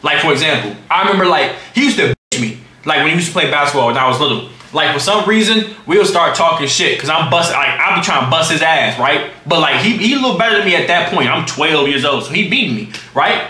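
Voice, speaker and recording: A young man streaming live, telling a story in an animated, profane way full of slang. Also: on the high side, fast, few pauses, echoey room. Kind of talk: livestream storytime.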